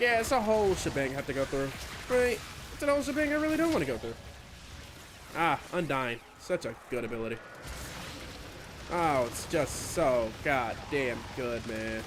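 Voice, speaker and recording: Rambling, profane male game streamer. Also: fairly high pitch. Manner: rambling, profane, self-deprecating. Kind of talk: casual gaming stream chat. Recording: steady background noise.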